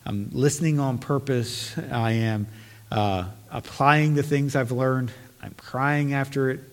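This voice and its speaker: A man's voice: mid-range voice, steady tone, slow, long reverb tail. A man preaching a sermon as pastor, talking earnestly and conversationally and reading scripture aloud.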